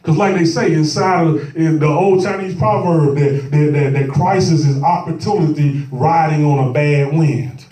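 A man preaches a sermon in a church, emphatic and repetitive, restarting his phrases as he builds. His voice sits high for a man. The sound is roomy and picked up from a distance. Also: normal speed, few pauses, warm tone. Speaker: pastor.

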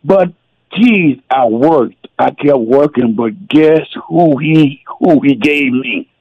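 A man's voice: mid-range voice, animated, takes it slowly, dry recording, lo-fi sound. A man who played football, calling in to a radio show, tearful and exclamatory as he tells his story. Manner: emotional, tearful, exclamatory with "geez". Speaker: former football player, guest. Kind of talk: emotional radio interview storytelling.

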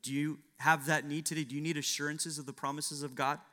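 A man's voice: a little high, flat delivery, brisk, pushed and bright. A man preaching a sermon, acting out biblical dialogue with dramatic shifts and asking rhetorical questions.

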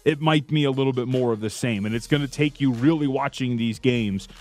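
A man's voice: medium pitch, brisk, a little mellow, faint music behind. A man co-hosting a sports radio show, laughing easily and talking in long run-on thoughts. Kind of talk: casual sports talk.

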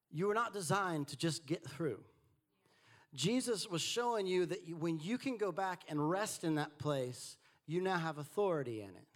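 A man preaching a sermon, swinging between quiet asides and animated, rising delivery. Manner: animated preaching, rising and falling in pitch and volume. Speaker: pastor.

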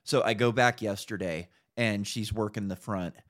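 A man's voice: lowish voice, moderate pace, fairly bright tone. Profane ranting man telling stories. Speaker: podcast co-host. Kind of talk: casual chat.

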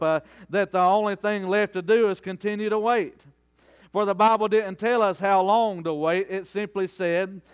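Preacher guy, high clear voice, asks the crowd for amens, gets fired up. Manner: rhetorical call-and-response, rising into fervent slow declamation. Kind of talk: sermon.

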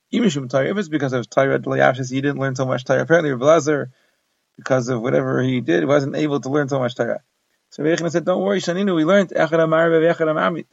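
Gravelly man teaching Talmud. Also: fairly high pitch, dry recording. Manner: translating Aramaic phrase by phrase into English. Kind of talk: daf yomi Talmud lesson. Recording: dull lo-fi dry recording.

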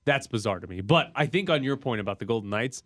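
Animated man talking hockey, dry mic. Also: medium pitch, fast, no echo. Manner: animated, rises sharply when making a point. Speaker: sports podcast co-host. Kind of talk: casual sports talk.

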